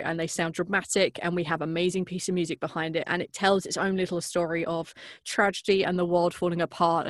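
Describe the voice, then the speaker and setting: A woman's voice: lowish voice, no room sound. Female guest from the UK, chatty and self-deprecating, recorded dry and close. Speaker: podcast guest. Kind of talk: casual interview chat.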